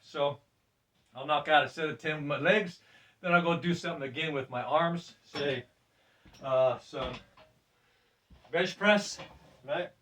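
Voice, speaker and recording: An older man casually demonstrating a weight workout, loose and chatty, laughing often and breathing deeply between sets. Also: unhurried, long pauses, a bit bright, far from the mic. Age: 60s. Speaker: fitness presenter. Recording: voice from off the mic.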